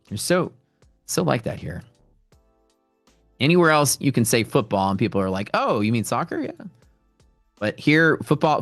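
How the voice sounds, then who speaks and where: Man, livestream host, low voice, dry close sound, faint music behind, casual rambling chat. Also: dry recording. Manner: rambling, talkative, answers viewer chat questions. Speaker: livestream host and futures trader. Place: at home.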